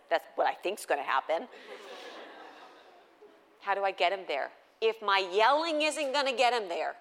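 A woman in her thirties speaking to a live audience about parenting, chatty and conversational, acting out exchanges with her children. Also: fairly low pitch. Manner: conversational, acts out dialogue with her kids.

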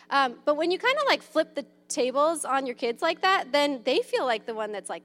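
A woman's voice: high-pitched, very animated, moderate pace, few pauses, fairly bright tone. A woman in her thirties chatting casually about parenting and play, full of fillers and acted-out kid voices. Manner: chatty, lots of "um" and "like", acts out kids' voices. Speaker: mother sharing parenting tips. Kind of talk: casual advice talk.

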